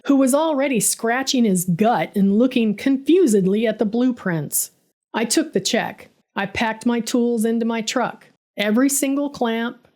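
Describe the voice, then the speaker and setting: A woman's voice: on the high side, a little mellow. A woman narrating her own first-person story, dramatic and bitter in tone.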